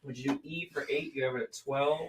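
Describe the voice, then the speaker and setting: A man's voice: mid-range voice, fairly even intonation, fast talker. A man co-hosting a live comic sale, calling out claims in a laid-back, easygoing way. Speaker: co-host tracking claims. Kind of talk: casual chat. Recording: distant mic, faint noise.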